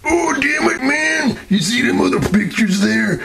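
A man voicing a grumpy, crude talking ice wall in a homemade toy skit, with a gravelly voice. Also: expressive, measured pace, over a noisy crowd, heavily acted. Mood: exasperated. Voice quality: gravelly, swinging pitch.

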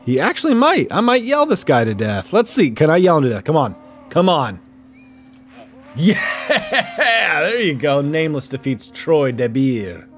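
A man's voice: a little high, big pitch swings, normal speed, soft background music. A man casually commentating his own gameplay, joking and reacting playfully. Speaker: gaming YouTuber. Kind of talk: casual let's-play commentary.

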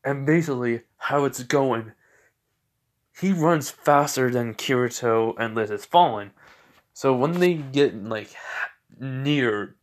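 Young male storyteller, improvised and rambling, filler-heavy, mid pitch. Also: slow. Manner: rambling, full of fillers and self-corrections. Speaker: fan fiction storyteller.

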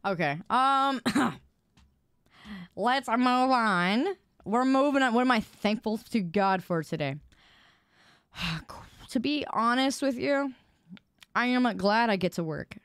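A woman streamer chatting casually with her viewers, loud and expressive, quick to protest and tease. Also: a little high, clean tone, no room sound, studio quality.

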